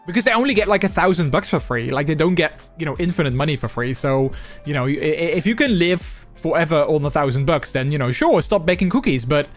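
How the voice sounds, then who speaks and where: A man's voice: on the high side, lively intonation, fast talker. A Dutch man with a subtle Dutch accent, a live streamer chatting casually, reading his chat aloud and answering it. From Netherlands. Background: faint background music.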